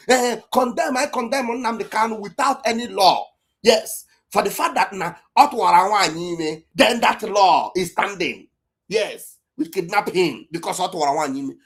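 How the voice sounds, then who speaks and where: Fiery husky woman with Igbo Nigerian accent. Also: fairly low pitch, lively intonation, brisk. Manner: fiery, accusatory, raises voice at times. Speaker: online political commentator. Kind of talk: impassioned political rant.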